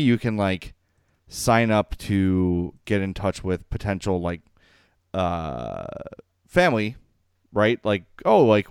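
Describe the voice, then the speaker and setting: A man co-hosts a sports podcast, chatting casually and rambling through stories while laughing easily. He has a lowish, clean-toned voice, and the studio sound is clean, with no room sound.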